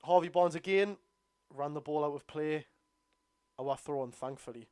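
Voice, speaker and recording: Geordie man, watchalong host; tired, excitable shouts at the ref, dry close sound. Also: unhurried, clean tone, no echo. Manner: excitable outbursts at the referee, then low grumbling asides. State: tired, yawning. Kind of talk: live football watchalong commentary, reading chat.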